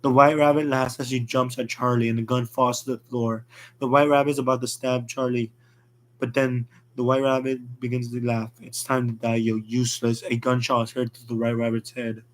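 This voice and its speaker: A man's voice: medium pitch, little pitch movement, fairly quick. Man narrating a fan story plainly.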